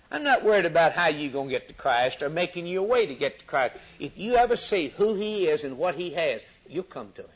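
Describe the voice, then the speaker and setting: Male preacher, slightly raised pitch, husky tone, rhythmic build-ups to shouted peaks. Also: sing-song, brisk, few pauses. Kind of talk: sermon.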